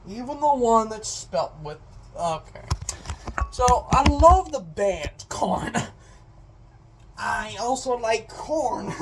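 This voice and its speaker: A young woman talks to her viewers while she cooks, rambling and goofy. She speaks at an unhurried pace. Faint background noise sits under her voice. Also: mid-range voice, a little mellow, recorded from a distance, poor audio. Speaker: cooking vlogger. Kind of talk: casual cooking chat.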